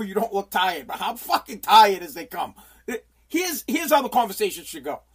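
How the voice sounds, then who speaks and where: A man's voice: extremely high pitch, fairly bright tone. A man, a radio personality, venting in a profane, exasperated ranting monologue, circling back and repeating himself.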